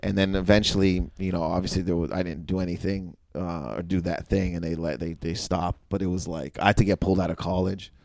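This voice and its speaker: A young man, a podcast guest, telling rambling stories in casual chat, laughing and acting out quotes loudly. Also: low voice, fairly even intonation, fairly quick, vocal fry, few pauses, no echo. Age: young adult.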